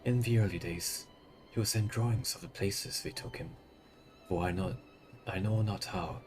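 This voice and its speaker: A man voicing a gentle, sorrowful village widow, in soft, measured speech. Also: low voice, over music, lightly acted.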